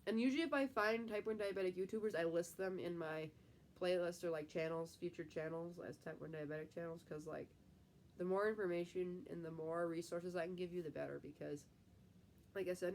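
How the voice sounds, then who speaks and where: A woman's voice: on the low side, fairly even intonation, fast, vocal fry, darkish tone, a little hiss or hum. Chatty stuffy-nosed Midwestern woman. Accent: Midwestern American. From American Midwest. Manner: chatty, rambling, many fillers. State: stuffy nose from a cold. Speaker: livestream host. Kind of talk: casual live-stream chat reading comments.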